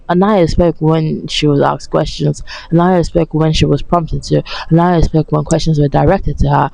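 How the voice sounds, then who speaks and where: A young woman delivers a heated, sarcastic rant about a reality show, dropping swear words along the way. Her voice is mellow and gravelly with vocal fry, recorded close and dry. She sounds worn out. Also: sits low, steady tone, normal speed, hardly any pauses, dry recording, low-quality recording. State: tired. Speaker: vlogger reacting to a reality show. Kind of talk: casual reaction rant.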